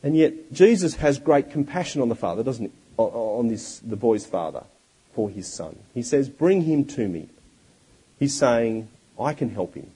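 A man preaching a sermon, expressive and full of rhetorical questions. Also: medium pitch, normal speed, breathy edge, rough recording.

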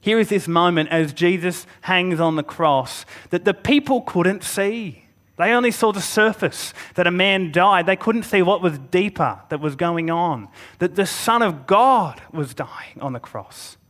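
A man's voice: high voice, lively intonation, fairly bright tone. Earnest man preaching a sermon. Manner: earnest, with emphatic pauses and occasional restarts. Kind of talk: Good Friday sermon.

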